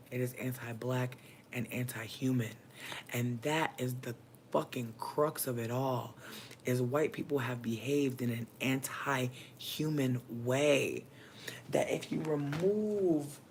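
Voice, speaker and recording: A livestream host speaking straight to viewers and chat in an impassioned, preachy monologue, heavy with profanity, the pitch jumping up sharply for emphasis. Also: slight background noise. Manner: addresses viewers and chat directly. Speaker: livestream host giving readings.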